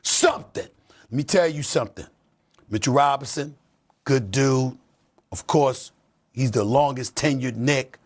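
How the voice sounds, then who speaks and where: A man hosting a sports debate show, preaching with passion and building up to shouts. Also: medium pitch, measured pace, pauses often. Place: TV studio.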